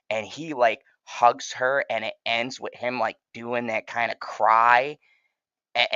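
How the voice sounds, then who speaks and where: A passionate man talks through a TV review in a casual, profane and emphatic way. His voice has a gravelly edge and a bright, forceful tone. The recording is dry and somewhat dull and lo-fi. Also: mid-range voice, dry recording. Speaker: TV show reviewer and channel host.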